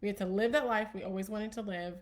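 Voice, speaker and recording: A woman's voice: medium pitch, fairly even intonation, quick pace. A young woman hosting a casual self-help talk to her viewers, earnest and upbeat, with frequent likes and ums. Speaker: host.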